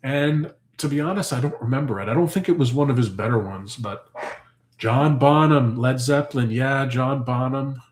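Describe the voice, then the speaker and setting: Male farm-channel host, loose and chatty, mid-pitched, echoey room sound. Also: moderate pace. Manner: rambling, chatty, thinks aloud with fillers. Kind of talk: casual live chat answering viewer comments.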